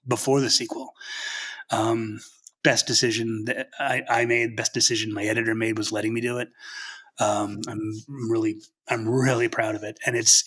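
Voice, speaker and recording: A man talks as a guest novelist in a casual interview, earnest and passionate. He thinks aloud as he goes. His voice is husky and bright. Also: mid-range voice.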